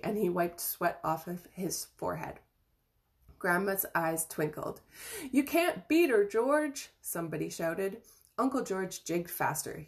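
A woman reading a children's storybook chapter aloud in a gentle, even way, with small slips and restarts. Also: lowish voice, gravelly. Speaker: reader of an audiobook chapter.

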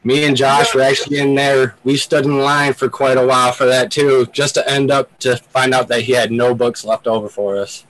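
A man's voice: medium pitch, little pitch movement, normal speed, few pauses, fairly bright tone, low-quality recording. A man interviewing a guest, asking easygoing questions with a few fillers. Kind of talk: casual interview.

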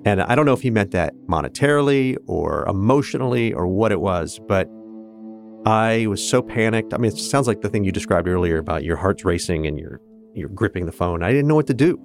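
A man's voice: fairly low pitch, expressive, brisk, gravelly, soft background music. A middle-aged man from Kansas, a guest candidly recounting his own family story with restarts. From Kansas, United States. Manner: earnest, candid, with restarts and laughs. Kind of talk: reflective personal storytelling.

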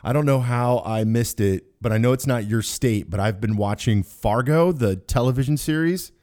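A man's voice: mid-range voice, moderate pace, a little mellow. A man in his forties from Kansas, hosting a casual podcast and chatting with guests on a remote call in a joking, rambling way full of restarts. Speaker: podcast host.

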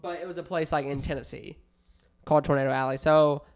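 A man's voice: fairly high pitch, fairly even intonation, fast talker, gravelly. A man telling a rambling childhood story in casual podcast chat, swearing and laughing often. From United States. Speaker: podcast co-host.

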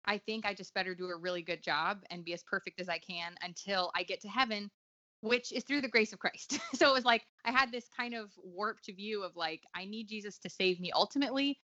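A woman's voice: mid-range voice, a little fast, sharp tone, no echo, muffled recording. A woman talking earnestly and reflectively in an interview, with frequent fillers and restarts. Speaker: guest author. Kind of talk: conversational interview.

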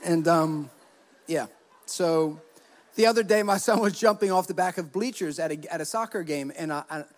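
Brief: male pastor, high voice, lively storyteller, church hall reverb. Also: normal speed. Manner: animated storytelling, acts out quotes. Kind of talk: sermon with personal stories.

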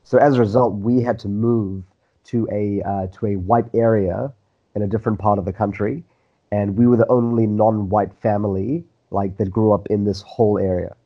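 A man from South Africa with a lightly worn South African Indian accent, telling stories in a relaxed, rambling way as an interview guest. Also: on the low side, moderate pace, highs cut off. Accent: South African Indian, diluted. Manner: relaxed, rambling with restarts and fillers. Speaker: guest, actor. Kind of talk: casual interview storytelling.

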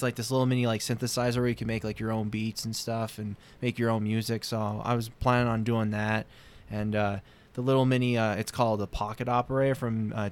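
A man's voice: medium pitch, clear, resonant tone. A man chatting on a casual podcast, rambling with lots of filler words. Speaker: podcast co-host.

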